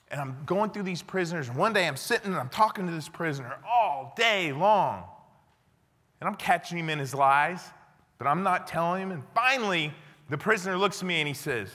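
Man giving a storytelling lecture, bright and kinda high, acts out both sides, hall echo. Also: fairly quick. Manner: animated, acts out dialogue. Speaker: guest speaker, former army interrogator.

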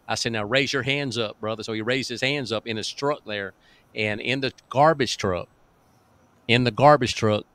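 A man's voice: fairly low pitch, fairly bright tone, no echo. A male pastor telling deliverance stories in a folksy, emphatic preaching manner, chuckling now and then.

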